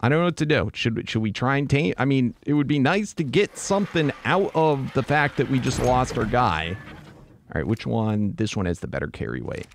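A man's voice: medium pitch, expressive, a little fast, creaky, few pauses, slight background noise. A man giving live gameplay commentary, swinging between frantic yelps and muttered groans. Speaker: gameplay streamer.

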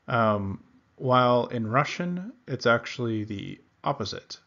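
A man teaching beginners in an unhurried, patient way, repeating each phrase several times so learners can follow. His voice sits in a middle register. The recording sounds a little dull and lo-fi. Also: mid-range voice, lively intonation, creaky, sharp tone. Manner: slow, repeats words carefully for learners. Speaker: language teacher. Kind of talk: beginner language lesson.

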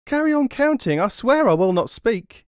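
Frightened robber, played by a male reader: shrill, strained, begging. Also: big pitch swings, moderate pace, clear, resonant tone, no echo, clean studio sound. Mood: terrified. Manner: high, frightened pleading. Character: terrified male robber, pleading.

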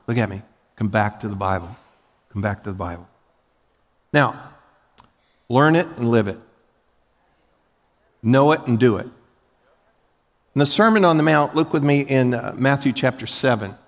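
Emphatic pastor preaching in a hall. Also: male voice, medium pitch. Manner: emphatic, rising to loud peaks; folksy, acts out short everyday scenes. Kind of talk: sermon. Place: large church sanctuary. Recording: long hall reverb.

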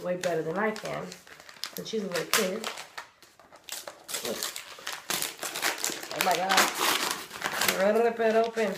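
A woman vlogging at home, chatting excitedly about her presents and sometimes dropping to a whisper. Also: mid-range voice, noisy background. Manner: gushing, chatty, drops to soft whispers. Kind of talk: casual vlog chat. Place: home, indoors.

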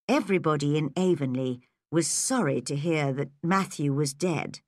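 A woman narrating a graded storybook for English learners in a slow, clear, measured way. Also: deep voice, dry recording, studio quality.

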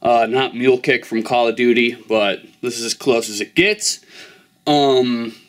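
Male host for a casual drink review, easygoing, mid-pitched, chatty with fillers. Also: unhurried. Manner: laid-back, rambling with fillers.

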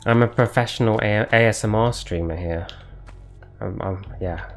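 A man's voice: lowish voice, normal speed, slight background noise. A man streaming a video game live, commentating and trading sarcastic jokes with his chat. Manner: joking, sarcastic banter with chat. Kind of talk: live gameplay commentary chatting with viewers.

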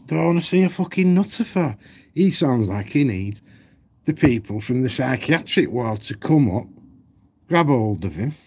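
A man's voice: medium pitch, husky. A man ranting at home on his channel, blunt, heated and full of swearing. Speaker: vlogger. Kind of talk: ranting commentary.

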